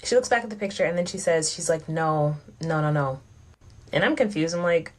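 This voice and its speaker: A woman recounts a personal story in a reflective, clear manner. Her voice sits low for a woman. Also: fast talker, darkish tone. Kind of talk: personal story in a played clip.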